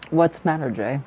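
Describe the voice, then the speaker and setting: A man's voice: fairly high pitch, darkish tone, slight background noise. A man chatting casually with viewers while reading cards. He sounds tired and drowsy, talks loosely, laughs often and trails off.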